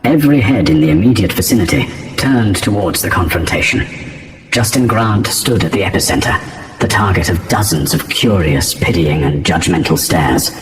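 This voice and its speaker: A man narrating a scripted story in a steady, even delivery. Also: low voice, normal speed, echoey room, noisy background.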